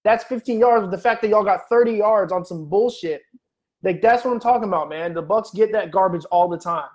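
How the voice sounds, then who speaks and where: A man's voice: high-pitched, a little fast, lo-fi sound. A man co-hosting a casual sports podcast, arguing emphatically and swearing about referee calls. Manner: argumentative, emphatic, profane. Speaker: podcast co-host. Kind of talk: heated casual sports debate.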